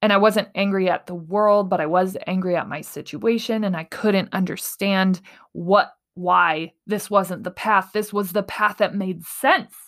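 A woman's voice: mid-range voice, fairly even intonation, unhurried, fairly bright tone. A woman in her thirties hosting a reflective solo podcast, talking earnestly and animatedly and laughing easily. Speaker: podcast host.

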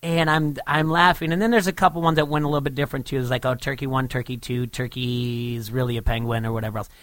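A man's voice: medium pitch, steady tone, quick pace, a bit bright, no echo. A man in his thirties co-hosting a sports radio show in a studio, telling a rambling story and laughing easily. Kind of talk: casual radio banter. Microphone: studio microphone.

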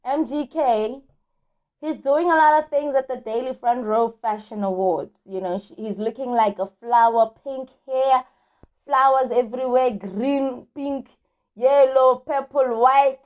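A woman's voice: high-pitched, a little slow, muffled recording. A woman hosting a podcast, chatting casually about celebrity gossip in a slangy, chatty way and stretching words out for emphasis. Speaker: podcast host.

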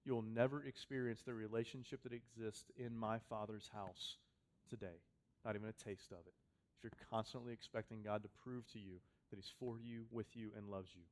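A pastor preaching a sermon to his congregation, talking conversationally and repeating phrases for emphasis, swinging from loud to quiet. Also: fairly low pitch, fairly even intonation, moderate pace, a little hiss or hum. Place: church hall with a congregation.

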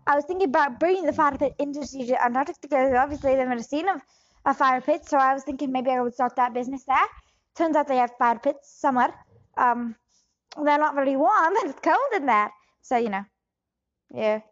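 A woman's voice: sits high, lo-fi sound, close to an everyday voice. A woman improvising a bumbling scammer who poses as a doctor, rambling and switching accents. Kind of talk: improvised comedy interview.

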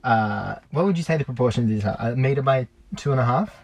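A man's voice: medium pitch, expressive, fast talker, creaky, a little mellow. A man co-hosting a casual podcast chat, with a nasal voice and a self-mocking, chatty manner, recorded on a phone in a small capsule. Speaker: podcast co-host. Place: small sleeping capsule in a hostel.

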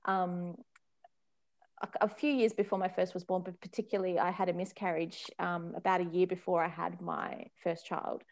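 A woman's voice: fairly low pitch, level tone, normal speed, darkish tone. A woman in her thirties, a parenting consultant, chatting casually as a podcast guest, laughing often and acting out little quoted voices. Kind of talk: casual conversational chat.

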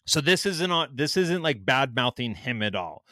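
A man's voice: mid-range voice, moderate pace, no room sound, clean studio sound. A man, telling a story in casual chat, swearing a lot and acting out what people said. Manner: animated storytelling, heavy swearing, acts out quotes.

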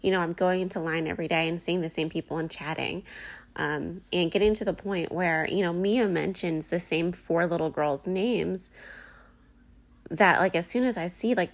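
This is a woman in her thirties with a fairly low pitch, talking at normal speed as host of her casual personal podcast. Her chatty, candid, emotional talk is full of "like" and "um" fillers.

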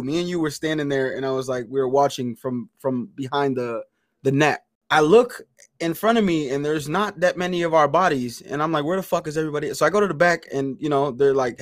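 A man co-hosting a podcast, telling stories in a loud, profane, animated way, full of slang and swearing. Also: on the high side, no room sound, studio quality. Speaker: podcast co-host. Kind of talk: casual chat.

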